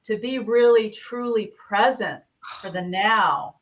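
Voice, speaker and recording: A woman talks in an easygoing interview. She warmly agrees with her conversation partner and reflects on what was just said. Her tone is thoughtful and supportive. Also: medium pitch, slow, distant mic. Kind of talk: conversational interview about leadership.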